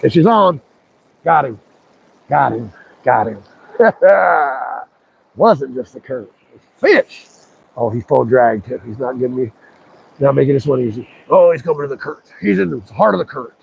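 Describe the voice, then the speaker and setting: A man's voice: medium pitch, normal speed, vocal fry, long pauses, lo-fi sound, slight background noise. A man streaming live while fishing outdoors by a river, talking playfully to the fish as he reels it in. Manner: excited, playful, talks to the fish. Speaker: fishing livestreamer.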